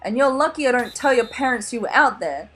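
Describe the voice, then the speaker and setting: A woman's voice: fairly high pitch, animated, fairly quick, fairly bright tone, soft background music. A woman voicing an anxious, overprotective father clownfish who talks in a stern, worried way in a storybook reading.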